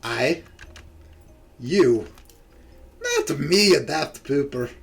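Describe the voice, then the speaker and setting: A man voicing a blunt, crude female lake creature from a visual novel, in a forced, gruff attempt at a Scottish accent and clipped lines. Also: fairly high pitch, expressive, very slow, a bit bright, exaggerated voice.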